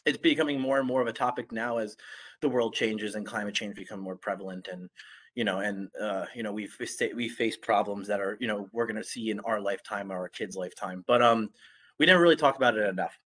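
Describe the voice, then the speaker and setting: A man's voice: fairly low pitch, fast talker, husky. A young man with a congested, just-recovering voice gives a casual online talk as a guest speaker, with lots of fillers and restarts. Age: young adult. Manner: relaxed, many fillers and restarts.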